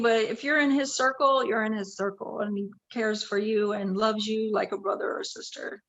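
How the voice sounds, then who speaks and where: A woman guest on a remote interview, telling stories in a casual, animated way and laughing often. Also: on the high side, poor audio.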